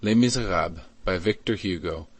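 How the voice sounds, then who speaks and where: A man reading a classic novel aloud as an audiobook in a measured, even way. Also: deep voice, dry recording. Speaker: audiobook reader. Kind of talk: scripted narration.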